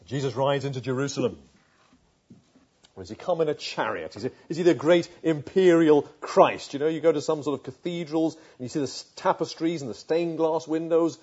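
A man preaching a sermon, retelling scripture with earnest rhetorical questions and dropping to a hush at tender moments. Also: a little high, fairly quick, husky. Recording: dull lo-fi sound.

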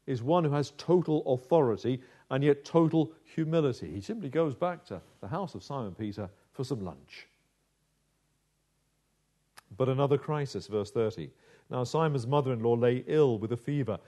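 A man preaching a sermon in a dramatic, measured way, slowing down to stress key phrases. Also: mid-range voice, mellow. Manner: dramatic, measured delivery with slowed emphasis.

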